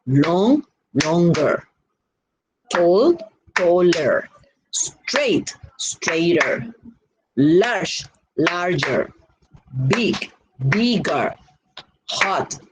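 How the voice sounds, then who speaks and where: A woman with a Spanish-influenced accent teaches English grammar at an unhurried pace, repeating each example word. Her pitch rises and falls animatedly as she explains. A faint hiss of noise sits under the recording. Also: darkish tone, rough recording. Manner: slow, repeats and drills example words. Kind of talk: classroom grammar lesson.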